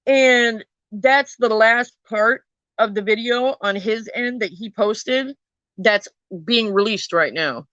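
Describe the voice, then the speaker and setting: A woman's voice: a little high, slow pace, fairly bright tone, dry recording, highs cut off. A woman telling a true crime story in a casual, chatty way, swearing freely and talking to her viewers.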